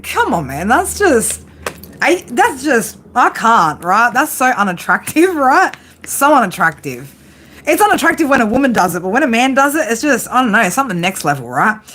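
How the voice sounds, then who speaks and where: Casual woman tarot reader, a touch high, profane and blunt, laughs a lot. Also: big pitch swings, normal speed, a bit bright, slight background noise.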